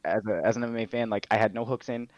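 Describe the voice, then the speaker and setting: A laid-back young man tells stories in a casual interview, swearing freely and leaning on fillers. His voice sits fairly low. The sound is dull and lo-fi, dry, with little room around it. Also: fairly even intonation, very fast, dry recording. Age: young adult. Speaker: guest, MMA fighter and streamer.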